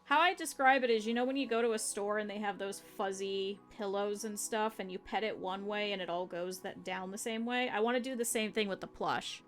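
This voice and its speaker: A woman's voice: medium pitch, fairly quick, hardly any pauses, soft background music. A woman streamer chatting her viewers step by step through cutting and sewing a plush, explaining as she works. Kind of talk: casual step-by-step craft tutorial.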